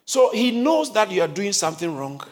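Speaking in a high voice with big swings in pitch and a brisk pace, this preacher often shouts during his sermon. He calls on the congregation to answer him, and the listeners are audible in the church.

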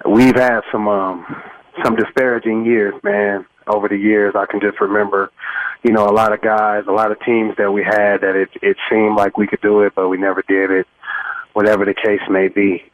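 A man's voice: fairly low pitch, little pitch movement, moderate pace, no room sound, dull audio. Emotional man in his thirties calling in. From Los Angeles, US. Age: 30s. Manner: heartfelt, rambling with fillers. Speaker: caller. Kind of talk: emotional fan call-in.

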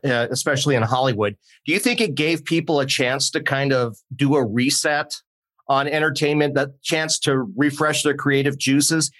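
Measured man co-hosting a podcast. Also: mid-range voice, fairly bright tone. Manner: measured, explains to listeners. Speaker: podcast co-host. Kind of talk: casual podcast chat. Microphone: video call.

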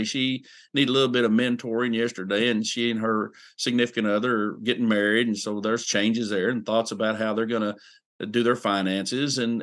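A man hosting a casual podcast chat, earnest and encouraging as he shares stories. His voice sits at a middle pitch for a man. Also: fairly bright tone. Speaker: podcast host.

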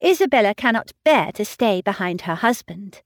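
A woman reading the part of a clever, self-assured young lady who brisk-ly reassures her father. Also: mid-range voice, animated, no room sound, clean studio sound, lightly acted. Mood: reassuring. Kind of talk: audiobook reading of a classic novel.

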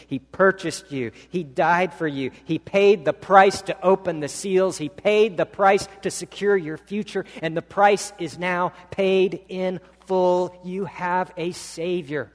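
A man's voice: a little slow, hardly any pauses, in a large hall. A man preaching a sermon, telling stories dramatically and praying with the congregation. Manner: dramatic storytelling, voice climbing high for a children's book reading. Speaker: pastor. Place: church sanctuary.

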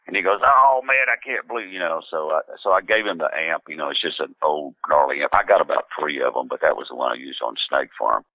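Over a thin, phone-like line, a musician guest with a low voice rambles through a casual story at a quick pace with few pauses. He's relaxed, restarts often, fills in with plenty of "uh"s, and imitates other people's voices. The recording is dry.

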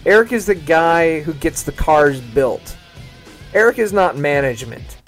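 A man with a slightly high voice explaining, with emphasis, what a colleague does. Faint music plays underneath. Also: expressive, unhurried, a bit bright. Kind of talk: casual interview remarks.

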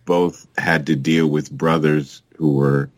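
A man's voice: extremely low pitch, steady tone, takes it slowly, dry recording. A man in a casual podcast chat, chiming in eagerly with his own theories. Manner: eager agreeing interjections. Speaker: podcast co-host. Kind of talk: casual banter.

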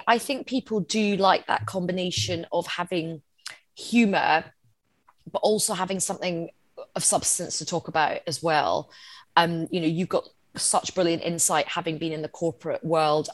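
Lively woman storyteller, dry sound. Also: lowish voice, moderate pace, no room sound. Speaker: comedian and speaker. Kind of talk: casual conversation.

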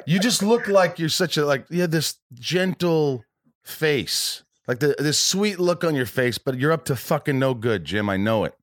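A man's voice: fairly high pitch, lively intonation, normal speed, dry recording, studio quality. A man hosting a podcast in casual chat, rambling and profane with many restarts. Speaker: podcast host.

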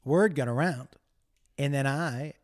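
A man of ordinary pitch talks to his listeners in a loose, unscripted monologue. He rambles from one crude anecdote to the next and pokes fun at himself. His casual delivery keeps wandering off topic. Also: unhurried. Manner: rambling, digressive, self-deprecating, crude humor. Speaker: solo podcast host.

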